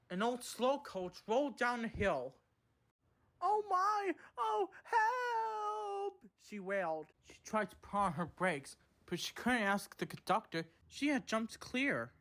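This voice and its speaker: A woman narrating a children's train story in a slow, simple storybook manner. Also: mid-range voice, fairly bright tone.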